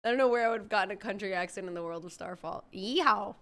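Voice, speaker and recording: A streamer host chats casually while building a game character, rambling and searching aloud for words. Her voice is mid-range and she talks rapidly.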